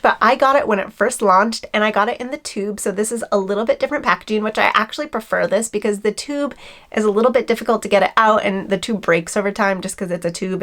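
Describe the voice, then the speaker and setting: Gushing young woman unboxing skincare. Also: mid-range voice. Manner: gushing, excitable, chatty. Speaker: beauty vlogger. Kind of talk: casual unboxing review.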